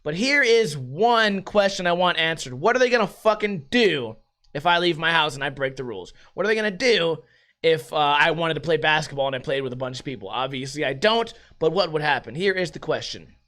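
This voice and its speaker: A man with a fairly high voice hosts a laid-back solo podcast from his home. He rambles from one thing to the next and swears freely. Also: expressive, brisk, pushed and bright. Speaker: podcast host. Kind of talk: casual solo podcast chat.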